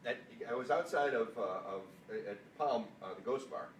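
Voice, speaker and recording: A man from Chicago hosting a casual chat, joking and telling anecdotes. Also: fairly low pitch. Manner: joking, quick asides. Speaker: host. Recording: roomy, distant mic, faint noise.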